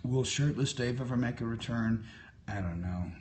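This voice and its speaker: A man in his fifties chatting casually on a phone live stream, answering viewer comments in a musing, unhurried way and drifting from topic to topic. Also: mid-range voice, darkish tone, a little hiss or hum. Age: 50s. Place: hotel at sunrise. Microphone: phone held for a live stream.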